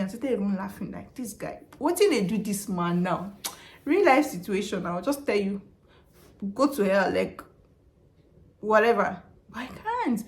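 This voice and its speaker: A woman's voice: a little high, darkish tone. A woman giving chatty, emphatic advice on a vlog, repeating her points. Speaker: vlogger and customer service worker.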